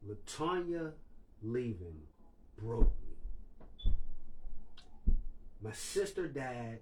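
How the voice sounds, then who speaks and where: A man's voice: mid-range voice, measured pace, pauses often, fairly bright tone, slight background noise. A man hosting a livestream, talking candidly and emotionally and swearing freely. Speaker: livestream host.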